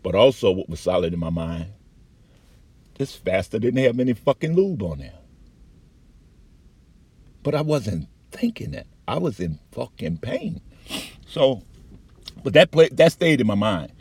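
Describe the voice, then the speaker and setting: A man giving a candid, profane personal account with halting restarts and frequent fillers. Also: fairly low pitch, very animated, darkish tone, breathy edge, no echo. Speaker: patient recounting an experience.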